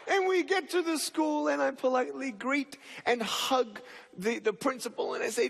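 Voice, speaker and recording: A man's voice: very high-pitched, moderate pace, vocal fry, fairly bright tone. A young man giving a motivational talk to a live audience, telling a story and acting out both sides of the dialogue. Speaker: motivational speaker. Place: large stage venue. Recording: reverberant hall.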